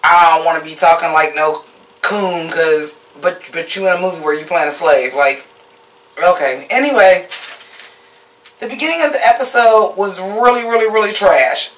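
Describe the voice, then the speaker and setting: A TV-show reviewer talking in a loose, casual recap style, cursing freely and blunt about every complaint. The voice sits at a mid pitch and sounds set back from the mic, bouncing around an echoey room. The tone turns mocking whenever a scene falls flat. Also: normal speed, recorded from a distance. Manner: blunt, profane, opinionated; animated, mocking. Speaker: TV episode reviewer.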